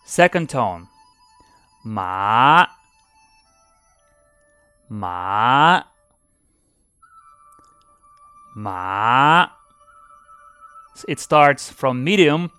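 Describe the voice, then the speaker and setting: A man hosting a podcast lesson, speaking deliberately and demonstrating sounds by repeating syllables. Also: mid-range voice, a bit bright, no echo, soft background music. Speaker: language teacher and podcast host.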